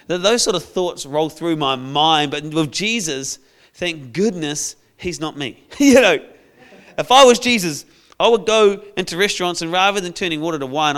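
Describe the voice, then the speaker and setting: A man preaching a sermon, telling a Bible story in a playful, lively way. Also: on the high side, normal speed, clean tone. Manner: storytelling, playful, acts out characters with shouts.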